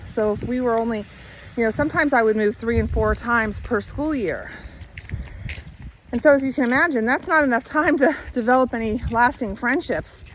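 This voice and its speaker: A woman's voice: a little high, normal speed, a little hiss or hum, rough recording. A woman vlogger telling her life story in a candid, chatty way with many fillers and easy laughs, outdoors while walking her dog. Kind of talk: casual personal storytelling.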